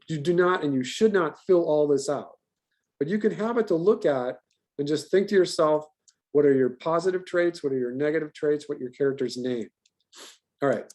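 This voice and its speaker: A man's voice: on the high side, warm tone. A man teaching a class, talking through a worksheet in a loose, rambling way with many fillers and repeated words. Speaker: voice acting teacher. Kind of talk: classroom lecture.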